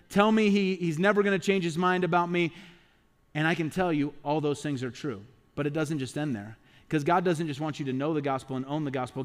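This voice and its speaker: A male pastor preaching a sermon, emphatic, with rhetorical questions and acted-out quotes. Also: on the high side.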